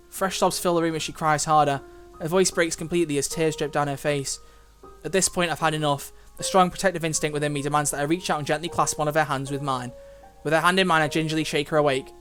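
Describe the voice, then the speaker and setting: A man's voice: on the high side, fairly even intonation, fast talker. A young man hosting a let's play, reading a visual novel aloud and reacting in a chatty, fretting way. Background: soft game music.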